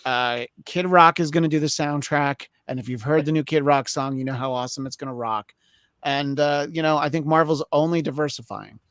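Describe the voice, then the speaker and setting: A man joining a podcast chat, delivering sarcastic jokes deadpan. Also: on the high side, a little fast, no room sound, clean studio sound. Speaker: podcast panelist. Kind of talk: casual chat.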